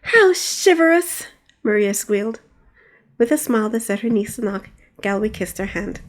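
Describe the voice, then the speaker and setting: A woman's voice: mid-range voice, brisk. Woman narrating a fantasy audiobook. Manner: expressive storytelling. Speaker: author and narrator.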